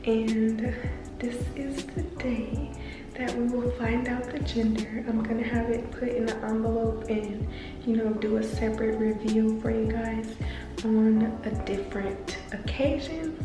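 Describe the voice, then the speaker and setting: A woman's voice: fairly high pitch, fairly even intonation, unhurried, echoey room, over music. A young woman vlogging casually, chatting straight to her viewers with lots of filler words. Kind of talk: casual vlog chat to viewers.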